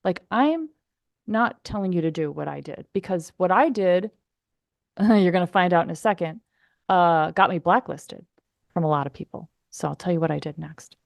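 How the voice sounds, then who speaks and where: A woman podcast host telling a story in a chatty, animated way, full of fillers. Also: fairly low pitch, normal speed, creaky, dry recording, studio quality. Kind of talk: casual storytelling.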